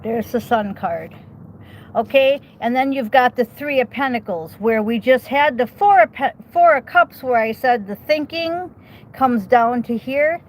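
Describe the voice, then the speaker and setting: A woman's voice: a little high, lively intonation, a little slow, low-quality recording. A woman giving a casual tarot reading outdoors, chatty and reassuring, often checking in with the listener. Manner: chatty, reassuring, many okays and rhetorical questions. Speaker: tarot reader.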